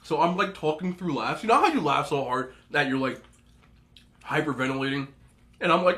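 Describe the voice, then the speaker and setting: A man's voice: on the high side, big pitch swings, fast talker, pushed and bright. A young man hosting an eating show, telling a rambling story casually with lots of asides and laughter. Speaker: mukbang host.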